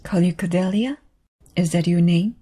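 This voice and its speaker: A woman voicing a brisk, cross but kindly older farm woman, in a low husky voice. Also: mellow. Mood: stern. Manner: brisk and cross, with a kind side.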